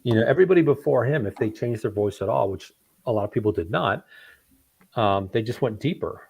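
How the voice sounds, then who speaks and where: Husky-voiced man telling stories. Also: mid-range voice, lively intonation, brisk, a little mellow. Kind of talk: casual chat.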